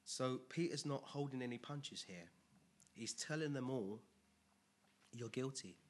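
A man with a medium-pitched voice preaches a sermon conversationally at a measured pace, dropping into quiet asides and rising to loud, emphatic bursts.

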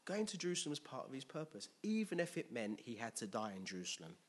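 A man preaching a sermon with animated, emphatic delivery and call-and-response. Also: medium pitch, fast talker, breathy edge.

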